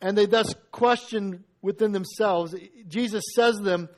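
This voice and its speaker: Male preacher, high voice, animated storyteller acting out quotes, casual sermon delivery. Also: unhurried, hardly any pauses.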